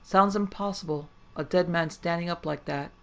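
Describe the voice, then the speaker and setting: A woman's voice: lowish voice, normal speed, highs cut off, close to an everyday voice. A woman voicing a shaken, plain-spoken rustic cavalry corporal. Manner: folksy, plain-spoken, uneasy.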